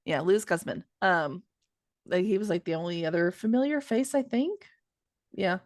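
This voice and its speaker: Woman, 30s, podcast co-host, very lively pitch, excitable, dry close sound. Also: normal speed, dry recording. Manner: animated, excitable, many fillers. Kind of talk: casual chat.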